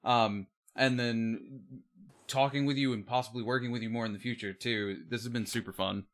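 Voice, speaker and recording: Casual male livestream host, mid-pitched. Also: steady tone, moderate pace, fairly bright tone. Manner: casual, friendly, filler-heavy. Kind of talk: livestream interview hosting.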